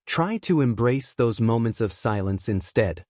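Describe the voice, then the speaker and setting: A man co-hosting a language-learning podcast, giving clear, measured scripted explanations. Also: medium pitch, animated, darkish tone, no echo, studio quality. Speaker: podcast co-host. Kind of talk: scripted teaching talk.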